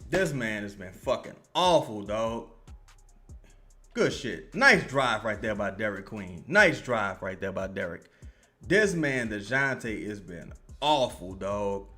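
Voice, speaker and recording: A young man streams a live basketball watch-along, cursing freely and looping back over the same complaints. His voice is bright and sharp. Faint music plays under him. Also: lowish voice. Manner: profane, excitable, yells at the players then calms down; repeats phrases, addresses chat viewers by name. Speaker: streamer reacting to a basketball game.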